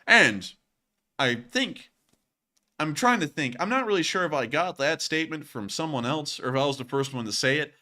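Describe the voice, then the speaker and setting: A man hosts a livestream in a bright, forward voice. He rambles casually, padding his thoughts with fillers as he answers questions and thanks his viewers. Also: fairly high pitch, animated, normal speed. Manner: rambling, chatty, frequent "uh" and "let's see here". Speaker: war news show host.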